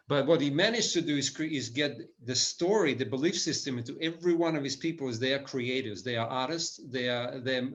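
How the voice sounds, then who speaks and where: A man's voice: medium pitch, fairly bright tone, dull audio. A man giving a lecture to business leaders in an enthusiastic way, often restarting his sentences and adding "right?" tags. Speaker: business speaker.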